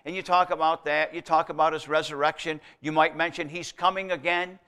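Emphatic preacher man, fairly high voice. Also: little pitch movement, a little fast, smooth. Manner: conversational, emphatic on key words, swings between loud and quiet. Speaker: preacher teaching evangelism. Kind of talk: sermon teaching.

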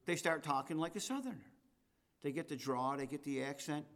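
A man preaches a sermon, reading scripture aloud. His voice sits a little high for a man. He hammers his main points and then slips into soft, offhand remarks. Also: a little fast. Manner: emphatic, rising to loud declarations and dropping to asides.

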